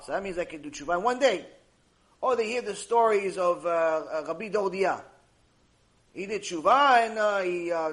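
A man giving a mussar lesson on Jewish ethics, animated and acting out little dialogues, reading Hebrew passages quickly. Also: on the high side. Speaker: Torah teacher. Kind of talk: mussar lecture.

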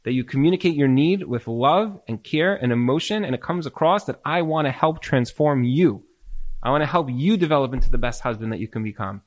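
Man, earnest lecturer, repeats phrases, slightly high voice. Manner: earnest, repeats words, acts out quoted spouses. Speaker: rabbi teaching a marriage class. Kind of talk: lecture with audience Q&A.

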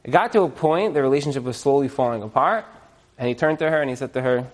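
A man speaking to an audience, telling a story in a chatty, animated way with lots of fillers and repeated words. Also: medium pitch, fast talker. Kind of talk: lively storytelling talk.

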